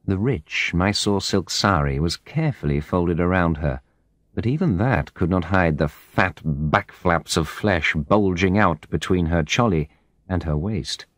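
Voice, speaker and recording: A man narrating an English-learner audiobook in a measured, expressive storytelling manner. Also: deep voice, no room sound, studio quality. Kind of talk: scripted narration of a graded reader.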